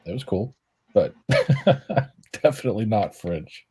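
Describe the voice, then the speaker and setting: A man from Central California in a casual online chat, talking quickly and laughing often. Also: on the low side, big pitch swings, mellow, a little hiss or hum. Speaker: guest, show organizer.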